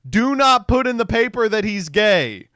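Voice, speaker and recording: A man streaming and reacting to posts, laughing a lot and swearing freely. His voice swings widely in pitch. The recording is dry and close, with no room echo. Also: moderate pace. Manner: animated, laughs often, swears.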